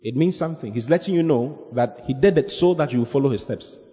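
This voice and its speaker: A man's voice: mid-range voice, quick pace, dark tone. A man pastoring a church service, preaching a sermon and leading the congregation in call-and-response. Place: church hall. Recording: long hall reverb with faint music.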